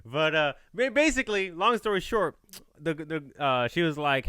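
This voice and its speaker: A man tells a story on a podcast. His voice sits high and bright for a man and swings widely in pitch. The sound is close and dry. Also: normal speed, clear, resonant tone, no room sound. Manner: animated, playful, slips into quoted voices. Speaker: podcast host. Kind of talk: casual storytelling chat.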